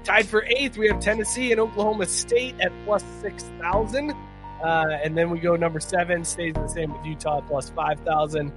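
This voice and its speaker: A man's voice: sits high, fairly even intonation, moderate pace, music in the background. Easygoing man hosting a sports podcast. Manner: laid-back, reads lists with fillers. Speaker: podcast host. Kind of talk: reading sports rankings.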